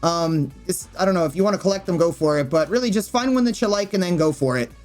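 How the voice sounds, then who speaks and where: A woman's voice: lowish voice, expressive, fast, darkish tone, faint music behind. A woman streamer walking viewers through game settings in a rambling, casual way, often thinking aloud with fillers. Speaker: gaming streamer and YouTuber.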